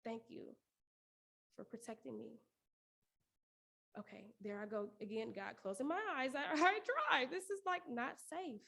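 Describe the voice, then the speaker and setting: A woman's voice: on the high side, measured pace, gravelly, long pauses, pushed and bright, husky. A woman performing a spoken word piece as a prayer monologue, earnest and pleading, with laughs breaking through. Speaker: poetry performer.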